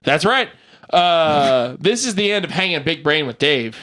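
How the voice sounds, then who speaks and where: A man hosts a casual podcast and runs a trivia quiz. He reads each question slowly and with plenty of lift in his voice, cracking jokes between answers. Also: on the high side, lively intonation, a bit bright. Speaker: podcast host and quizmaster.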